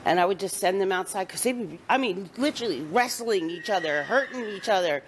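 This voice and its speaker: A woman's voice: medium pitch, expressive, fairly quick. A middle-aged woman filming at a horse barn and chatting casually with her family, laughing often. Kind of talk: casual chat while filming. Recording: clear outdoor barn noise behind.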